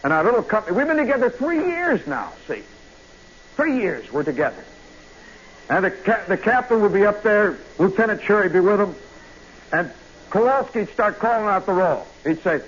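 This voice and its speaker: A male radio storyteller with a high, bright-sounding voice rambles through an animated tale. He keeps tossing in asides and "you know"s. The sound is a muffled old radio broadcast with a faint hiss. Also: brisk. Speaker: radio host.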